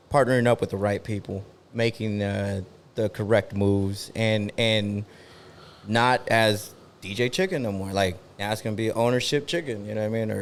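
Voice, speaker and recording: A man's voice: on the low side, a little hiss or hum. A man in his thirties from Oklahoma City, a DJ talking casually as a podcast guest in a laid-back, slangy way with frequent restarts. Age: 30s. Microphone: podcast studio mic.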